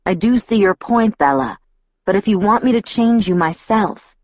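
Woman doing an earnest old-fashioned young male vampire, lowered voice, formal and measured, dry muffled audiobook sound. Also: lively intonation, no echo, lightly acted. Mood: gently persuasive. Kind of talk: audiobook character voice. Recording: dull lo-fi audiobook recording.

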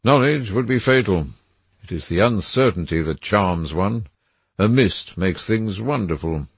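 A languid, worldly aristocrat who drawls witty remarks with lively ups and downs, as a male narrator puts him on. The voice is gravelly and husky, recorded close and dry. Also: fairly low pitch, a little slow, no room sound, pitched above the performer's own voice, exaggerated voice. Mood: amused.

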